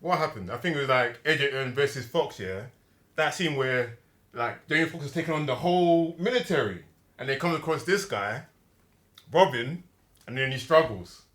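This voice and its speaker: Young dude trashing the acting, bright voice, echoey room. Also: male voice, medium pitch, expressive, moderate pace. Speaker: podcast co-host. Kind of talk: casual movie review chat. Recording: roomy echo.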